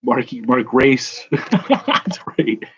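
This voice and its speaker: A man's voice: medium pitch, sing-song, extremely slow, slightly rough, lo-fi sound. A man hosting a casual live chat, rambling and correcting himself as he answers viewers. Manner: rambling, self-correcting, chuckling. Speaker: livestream host.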